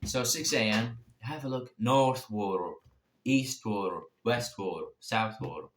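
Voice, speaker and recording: A young man telling his own story casually, swearing freely and jumping in pitch and loudness. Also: a little slow. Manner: profane, animated, sudden swings in pitch and loudness. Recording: echoey room.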